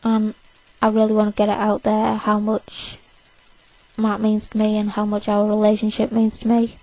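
A woman's voice: mid-range voice, completely flat delivery, moderate pace, dark tone, dry recording, poor audio. An eighteen-year-old woman, overtired, rambling defiantly and self-consciously in a casual to-camera rant. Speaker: vlogger.

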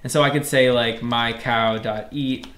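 A man's voice: medium pitch, steady tone, a little slow, a bit bright, echoey room. A man teaching a programming tutorial, explaining each step plainly and often checking in with "right?". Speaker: programming instructor. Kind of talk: screen-recorded coding tutorial.

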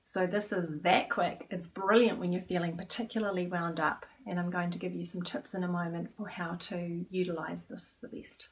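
Calm woman coach guiding an exercise. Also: on the low side, normal speed, few pauses, distant mic. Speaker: stress coach. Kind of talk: guided exercise instruction.

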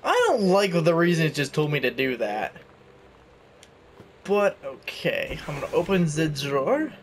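A young man talks through a quiet game casually, joking at his own expense. His voice sits a little high, and faint noise is heard behind him. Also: very animated, a little slow. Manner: chatty, self-mocking, reading aloud. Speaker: gaming YouTuber. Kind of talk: casual let's-play commentary.

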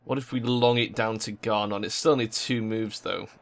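A man's voice: lowish voice, fairly even intonation, moderate pace, vocal fry. A young man giving sweary, frustrated commentary over a football tactics game. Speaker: gaming YouTuber. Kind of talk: gameplay commentary.

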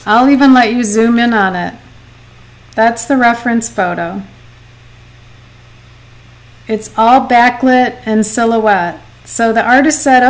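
Slow, chatty woman teaching watercolor live. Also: a little high, rough recording. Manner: chatty, laughs often, reads viewer comments aloud. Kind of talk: live painting lesson with chat.

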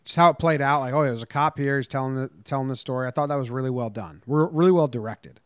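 A man co-hosting a movie review podcast, giving measured, opinionated takes and laying out his points in order. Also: medium pitch, smooth, dry recording, clean studio sound. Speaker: podcast co-host. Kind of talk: casual movie review chat.

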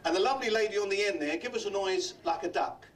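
An older man from London doing a comedy magic act in a hotel function room, chatty and teasing the audience with quick gags. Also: sits high, lively intonation, distant mic, slight background noise. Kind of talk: live club comedy act.

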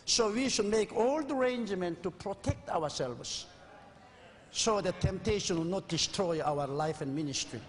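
Earnest high-voiced man in his sixties, preaching. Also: lively intonation, moderate pace, a crowd in the background. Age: 60s. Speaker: pastor. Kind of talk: sermon. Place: church sanctuary. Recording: old VHS recording with long reverb.

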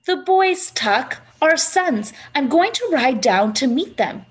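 A woman doing a calm, sensible farm wife. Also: high voice, moderate pace. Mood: calm insistent. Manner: calm, matter-of-fact.

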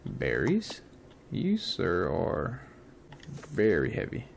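A man hosting a casual let's-play, reacting excitedly and chatting to the creatures he tames. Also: low voice, drawn-out words, gravelly, a little hiss or hum. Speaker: gaming channel host.

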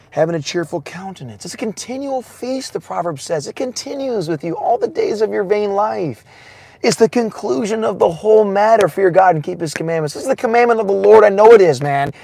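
A man preaching a sermon in a casual, excitable way, often laughing, swinging between shouts and hushed asides and saying "man" a lot. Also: high voice, vocal fry.

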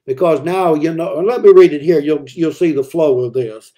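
A man's voice: on the high side, measured pace, warm tone. A man teaching a midweek Bible study, reading old-fashioned scripture verses aloud and then explaining them in a conversational way with fillers and repeated words.

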